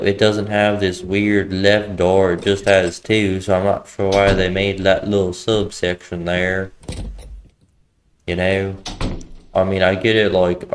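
A man's voice: low-pitched, slight background noise. A man casually commenting while playing a horror game, muttering jokey reactions as he explores. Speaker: gaming video host. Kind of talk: casual let's-play commentary.

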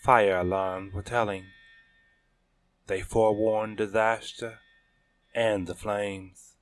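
A man narrating a story in a measured, deliberate reading style. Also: on the low side, level tone, dry recording. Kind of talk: scripted audiobook narration.

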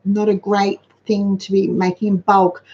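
A woman's voice: mid-range voice, flat delivery, unhurried, warm tone, muffled recording. A middle-aged woman hosting a casual live chat, practical and talkative as she answers viewers. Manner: chatty, practical, reads out viewer comments. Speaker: host of a money-saving livestream.

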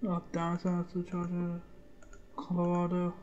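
A woman's voice: lowish voice, completely flat delivery, moderate pace, a little mellow, dull audio, a little hiss or hum. Rambling woman muttering through gameplay. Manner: rambling, muttering, swears casually. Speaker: gaming channel host. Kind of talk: casual let's-play commentary.

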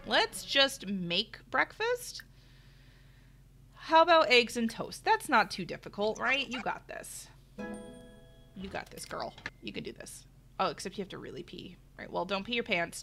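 Bright, animated woman playing a game. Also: medium pitch, normal speed, creaky. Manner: chatty, talks to viewers, exclaims at the game. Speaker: gaming channel host. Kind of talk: let's play commentary. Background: faint game music.

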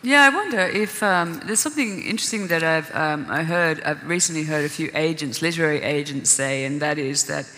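A woman's voice: low-pitched, fairly quick, few pauses, sharp tone. A woman novelist talking on a festival panel, thinking aloud with restarts and the odd laugh. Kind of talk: casual panel discussion. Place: conference hall. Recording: reverberant hall.

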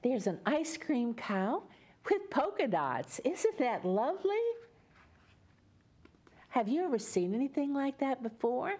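A woman's voice: high-pitched, very animated, measured pace, pauses often, darkish tone, slightly rough. A woman from Louisiana with a Louisiana accent, reading a story aloud to young children in a sing-song, coaxing way.

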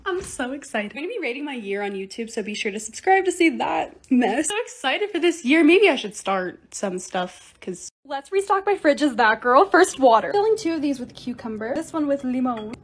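A woman narrating her short DIY and restock videos in a bubbly, excitable, self-mocking way. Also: sits high, fairly quick, few pauses, husky. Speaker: lifestyle creator.

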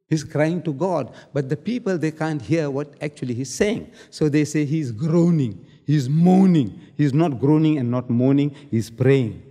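A man with a fairly high voice argues his side of a public debate. He presses each point with rhetorical questions and repeats key words for weight. His voice rings out with the long reverb of a large hall. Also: unhurried, few pauses, warm tone.

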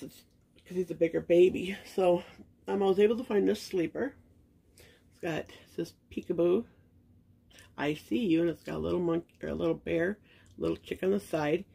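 This middle-aged woman, a reborn doll collector who hosts a channel, casually shows her viewers baby clothes in an unboxing chat, gushing sentimentally and filling her speech with fillers. Her lowish voice is gravelly and mellow, with a breathy edge.

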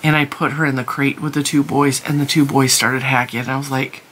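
A woman's voice: rumbling low, level tone, brisk, fairly bright tone, slight background noise. A tired middle-aged woman chatting casually to camera at home, rambling with many restarts and sounding worn out. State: exhausted and teary. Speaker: crochet channel host.

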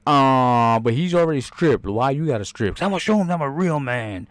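A man hosting a podcast, riffing on a trailer with excitable, rambling, profane chatter. His voice sits at a middling pitch, with a dry, close sound and no room echo. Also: normal speed. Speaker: podcast host. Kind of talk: casual movie trailer reaction.

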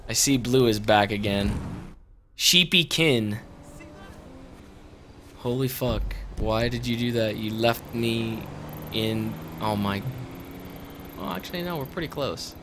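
A man's voice: mid-range voice, expressive, slow, pauses often. A young man streaming a video game, swearing, laughing and chatting with a friend. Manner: profane, laughing, exclaiming at the game. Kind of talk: casual gaming chat with a friend. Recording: noisy stream audio.

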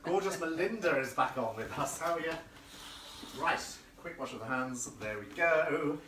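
A man's voice: fairly high pitch, animated, moderate pace, roomy sound, distant mic, a crowd in the background. A man hosting a live cooking stream from his home kitchen, chatty and effusive, reading out viewer comments as he works. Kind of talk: casual live cooking demo. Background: clinking cutlery and dishes.

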